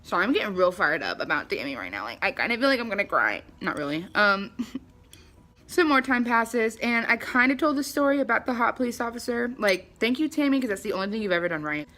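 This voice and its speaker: A young woman telling a casual storytime vlog at home, chatty and animated, acting out the people she quotes. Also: a little high, fairly quick. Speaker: vlogger. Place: her home, at a table by the front door.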